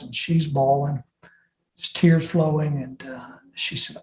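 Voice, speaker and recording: A man's voice: fairly high pitch, fairly even intonation, unhurried, a little mellow. A man giving an earnest personal testimony as an interview guest, often restarting his sentences. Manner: earnest storytelling with frequent restarts. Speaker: interview guest, plane crash survivor. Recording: roomy echo.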